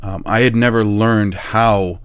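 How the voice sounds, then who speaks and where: A middle-aged man who owns a chimney service business tells a casual, animated story about his early work. He acts out the exchanges he describes and laughs at himself. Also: lowish voice, a little slow, clean tone, dry recording. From New Hampshire, USA.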